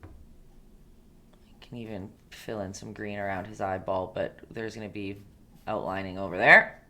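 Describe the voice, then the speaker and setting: A woman's voice: very deep voice, steady tone, measured pace, sharp tone. A woman hosting a casual live-stream painting lesson, chatty and playful, laughing often and talking back to her viewers.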